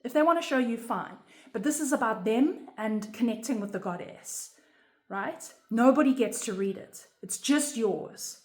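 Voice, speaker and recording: A woman's voice: on the high side, animated, normal speed, a little mellow. Earnest woman teaching in an echoey room. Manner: earnest, conversational, often ends with "right?". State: emotional, near tears. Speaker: spiritual teacher. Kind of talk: casual instructional talk.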